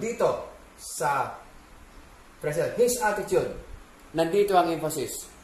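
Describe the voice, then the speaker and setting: A man's voice: high voice, roomy sound, poor audio. A man with a Filipino accent teaching English grammar, explaining methodically and repeating his key points. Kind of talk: slow classroom explanation.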